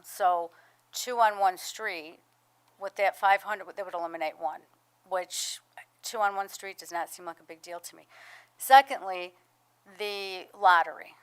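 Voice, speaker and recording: A woman's voice: medium pitch, clean tone. An older woman and grandmother, nervous and unprepared, giving an earnest public comment as a rental host.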